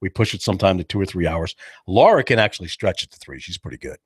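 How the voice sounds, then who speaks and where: A man hosts a talk radio show from a studio. His pitch swings widely as he jokes, teases his co-host and acts out other people's voices. The sound is close and dry, with no room echo. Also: big pitch swings, quick pace, slightly rough. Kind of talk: casual radio chat. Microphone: studio microphone.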